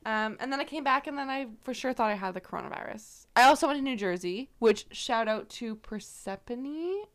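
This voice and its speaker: A woman's voice: a little high, lively intonation, a little fast, fairly bright tone. Rambling young woman podcast co-host. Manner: rambling storyteller, filler-heavy, self-deprecating. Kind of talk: casual chat.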